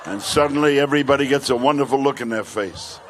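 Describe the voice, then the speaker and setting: An older male comedian doing stand-up, telling brash rapid-fire jokes. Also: mid-range voice, a faint crowd, slight background noise.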